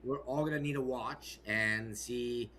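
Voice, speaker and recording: A man's voice: mid-range voice, steady tone, measured pace, crowd noise. A man as a podcast guest, speaking casually and hesitantly, thinking aloud.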